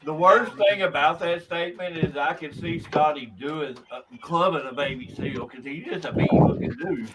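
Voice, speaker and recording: A man's voice: a little high, normal speed, hardly any pauses. A man on a video call, blunt and profane, teasing his co-hosts in casual chat. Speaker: podcast co-host. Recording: noisy call audio.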